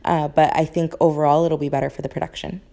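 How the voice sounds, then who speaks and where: A woman's voice: low-pitched, little pitch movement, fast, vocal fry, dark tone. Chatty young woman filming a home vlog. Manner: chatty and upbeat, with filler words. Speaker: musical theatre performer and vlogger. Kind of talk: casual behind-the-scenes vlog. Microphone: phone camera, sometimes set far off.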